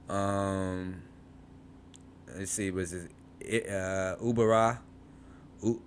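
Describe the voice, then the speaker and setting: A man with a bright, forward voice teaching beginners' Hebrew grammar. He reads textbook passages aloud and then breaks words into syllables, repeating them slowly. He often stops to check in with "right?". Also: low-pitched, a little hiss or hum. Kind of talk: informal grammar lesson, reading from a textbook.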